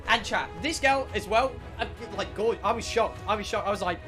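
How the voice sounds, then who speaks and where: A young British man with a high, bright voice tells a story to his live chat. He is excitable and swears freely, with dramatic pauses, and faint music plays behind him. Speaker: streamer. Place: home streaming room.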